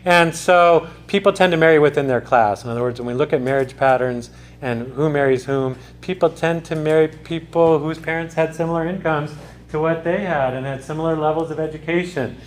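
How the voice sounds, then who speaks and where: A man's voice: fairly high pitch, steady tone, a little fast, a little hiss or hum. A man giving a conversational classroom lecture as a sociology lecturer, talking in restarts and asides to his students. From United States.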